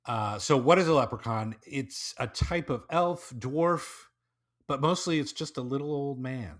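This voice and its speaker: A man's voice: mid-range voice, a little slow. A man hosting a podcast, telling a folk tale and then chatting loosely with fillers and jokes. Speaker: podcast host. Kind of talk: storytelling narration and casual chat.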